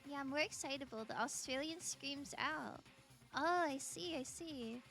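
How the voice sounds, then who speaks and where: Bright-voiced chatty American streamer woman. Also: sits high, unhurried. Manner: chatty, giggly, reading and answering chat. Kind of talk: casual game-stream chat. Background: faint game music.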